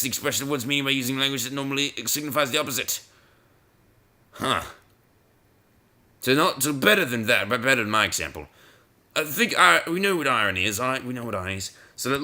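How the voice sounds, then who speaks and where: A man's voice: medium pitch, sing-song, normal speed, pushed and bright. A man hosting a casual let's-play video, rambling and self-mocking as he stammers and repeats his words. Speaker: gaming video host.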